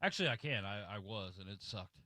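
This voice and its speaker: A man's voice: lowish voice, lively intonation, a little fast, pushed and bright, dry recording. A man co-hosting a comedic radio show, teasing and trading wry comebacks in casual banter. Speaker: radio co-host. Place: radio studio. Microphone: studio microphone.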